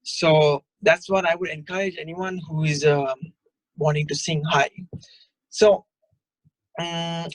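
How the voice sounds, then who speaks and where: A man teaching a singing workshop over a video call, explaining in a relaxed, halting way between short sung demonstrations. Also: a little high, no room sound. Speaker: guest vocal coach.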